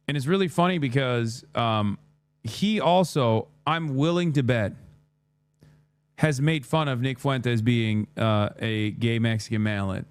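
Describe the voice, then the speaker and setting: A male streamer reacts live in a sarcastic, mocking manner at a mid pitch. His voice sits close and dry on the microphone, with no room sound. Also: a little slow, clear, resonant tone, no echo. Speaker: streamer host. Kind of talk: livestream reaction commentary.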